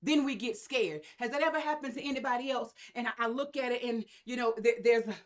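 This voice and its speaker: A woman's voice: fairly high pitch, fast. A woman preaching a sermon, emphatic and repetitive, with asides to her congregation.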